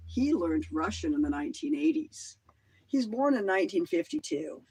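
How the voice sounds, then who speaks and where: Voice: mid-range voice, sing-song, moderate pace, vocal fry, a little mellow, breathy edge, rough recording. A middle-aged livestream host in a casual monologue, rambling between claims and swearing casually.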